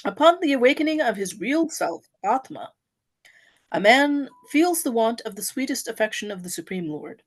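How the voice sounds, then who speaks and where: A woman giving a devotional offering, reading a story aloud in an earnest, expressive storytelling manner. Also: a little high, moderate pace.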